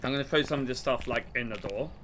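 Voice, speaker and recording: A young man streaming a game, rambling and laughing as he plays, now and then shouting. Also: medium pitch, fast talker, background noise. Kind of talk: casual gameplay commentary.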